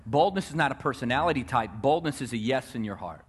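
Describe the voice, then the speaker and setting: A man preaching a sermon, telling a story and building to loud, repeated declarations. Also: medium pitch, expressive, fast talker. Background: guitar music.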